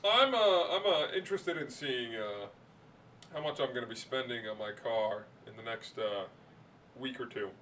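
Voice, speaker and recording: Male podcast co-host, sarcastic, lively pitch, a bit off-mic with faint noise. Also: normal speed, recorded from a distance. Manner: dry, dismissive, sarcastic. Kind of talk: casual chat.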